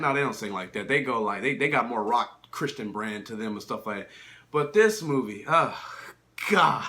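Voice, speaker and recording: A man's voice: medium pitch, lively intonation, moderate pace, pushed and bright. A young man reviewing films in a casual, profane, exasperated rant. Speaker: film reviewer.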